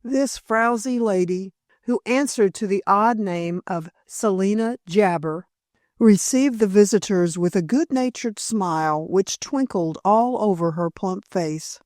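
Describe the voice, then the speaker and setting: Reading a classic mystery novel in scripted narration, this woman audiobook narrator speaks at medium pitch with an even, measured storytelling manner. Clean studio sound and a dry recording round it out.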